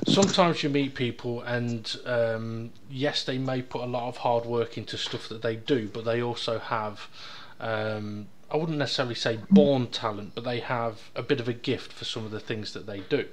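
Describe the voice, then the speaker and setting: A man's voice: mid-range voice, fairly even intonation, normal speed, hardly any pauses. A man hosting a casual podcast, rambling and joking with lots of ums and uhs. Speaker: podcast host. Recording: noisy background hiss.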